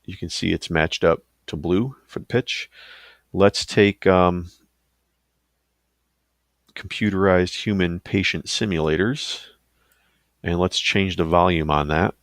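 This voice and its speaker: Deep, gravelly man talking through a tutorial. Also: fairly even intonation, slow, long pauses, a bit bright, no echo, studio quality. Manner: casual, loose, with fillers and asides. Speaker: teacher giving a software tutorial. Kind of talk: screen-recorded tutorial.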